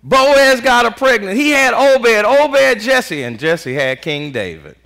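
A man preaching a sermon as pastor, in animated call-and-response style with constant "Amen" and casual vernacular with "y'all". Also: very high-pitched, slow pace. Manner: Southern US Black vernacular speech, "y'all".

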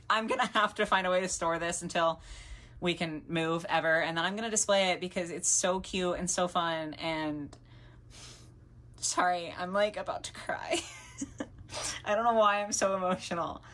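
A young woman talking casually and excitedly in a haul video, gushing and chatty. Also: on the low side. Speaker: doll collector vlogger.

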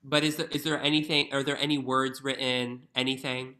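A man's voice: mid-range voice, flat delivery, a little fast, pushed and bright. A young man teaching violin in an online masterclass, encouraging and singing phrases on nonsense syllables over a video call.

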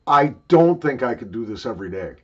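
A man's voice: mid-range voice, sing-song, fairly quick, breathy edge, highs cut off. An older man rambling and joking crudely while he talks around a wad of chewing tobacco in a casual review video.

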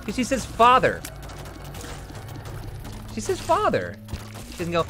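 A man streaming a video game live, joking and reacting excitedly as he chats with viewers. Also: sits high, slow pace, pauses often, soft background music. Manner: excitable, jokey, breaks into song snatches. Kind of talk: live gameplay commentary.

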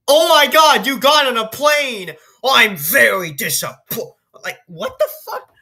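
A woman with a bright, sharp voice that swings widely in pitch as she plays a text game. She reads the story aloud in an unhurried way and breaks off into incredulous, swearing, laughing reactions. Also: big pitch swings, husky. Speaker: video game streamer. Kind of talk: gameplay commentary, reading story text aloud.

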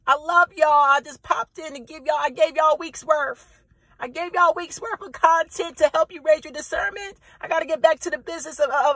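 Loud-mouthed woman vlogging, cussing a lot, bright punchy voice, dry sound. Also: sits high, dry recording, low-quality recording. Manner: brash, profane and emphatic, repeats herself. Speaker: content creator. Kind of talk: direct-to-camera vlog rant.

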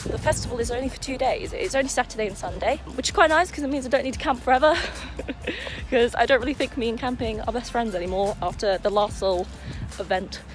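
A young woman chats brightly to a handheld camera at an outdoor festival, bubbly and upbeat. Her voice sits fairly high. Music plays clearly in the background. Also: quick pace. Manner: bubbly and chatty. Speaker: vlogger and children's entertainer. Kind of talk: casual vlog.

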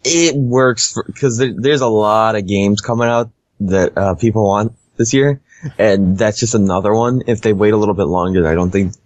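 A man co-hosting a casual podcast, deadpan and easygoing, who laughs often. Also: on the low side, moderate pace, no room sound, lo-fi sound. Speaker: podcast co-host.

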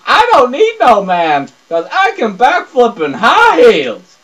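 Brief: woman doing a brassy, mocking female game brawler in high heels, loud and full of swagger. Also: huge pitch swings, slow pace, far from the mic, full character voice. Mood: sassy bragging. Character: sassy female fighter bragging in high heels.

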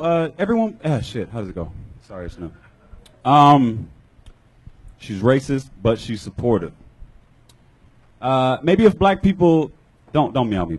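A man with a husky, slightly rough voice fumbles through a live stand-up minute on a club stage mic. He talks in a halting way and keeps restarting. He apologizes for botching the punchline. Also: mid-range voice, a little mellow, rough recording. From Georgia, USA. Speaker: open-mic comedian. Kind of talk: live stand-up set and panel feedback.

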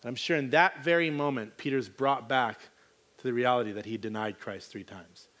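A man's voice: medium pitch, moderate pace, fairly bright tone. A man preaching a sermon, reading scripture and then retelling it in casual, conversational modern speech.

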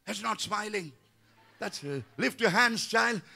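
A man's voice: sits high, lively intonation, measured pace, gravelly, pushed and bright. Fervent sixty-year-old male pastor. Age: 60s. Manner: fervent, repetitive call-and-response. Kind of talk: healing service preaching.

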